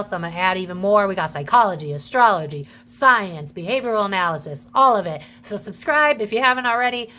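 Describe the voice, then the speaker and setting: A woman's voice: fairly low pitch, fairly bright tone, slight background noise. A woman doing a casual psychic tarot reading to her viewers, chatty and emotional, swearing freely.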